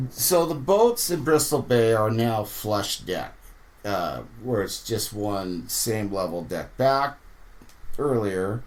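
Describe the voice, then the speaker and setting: A fishing captain telling rambling, animated stories in a podcast interview. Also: male voice, fairly low pitch.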